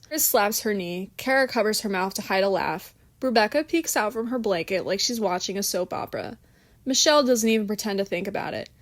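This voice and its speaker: A woman's voice: mid-range voice, dry recording. A woman reading an audiobook in a playful storytelling manner. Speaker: audiobook narrator. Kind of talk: scripted audiobook narration.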